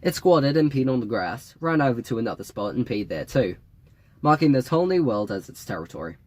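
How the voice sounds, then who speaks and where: A man reading an audiobook in a wry, measured storytelling manner. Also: mid-range voice, big pitch swings, darkish tone. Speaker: audiobook reader. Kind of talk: audiobook narration.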